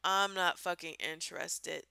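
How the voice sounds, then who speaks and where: A woman rants bluntly into the camera on a casual vlog, exasperated and swearing freely. Her voice is bright and clear, with a smooth, crisp tone. The sound is close and dry, with no room around it. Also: fairly low pitch, unhurried, no room sound. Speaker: vlogger.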